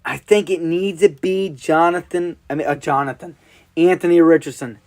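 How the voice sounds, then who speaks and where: A man giving live reaction commentary, excitable and emotional, often repeating himself as he talks to viewers. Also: a little high, moderate pace.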